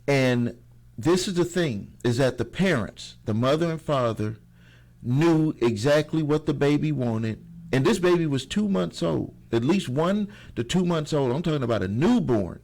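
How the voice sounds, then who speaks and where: A man's voice: fairly high pitch, animated, normal speed, darkish tone. A middle-aged man hosting a motivational channel, talking casually to camera, rambling and repeating phrases for emphasis with frequent restarts.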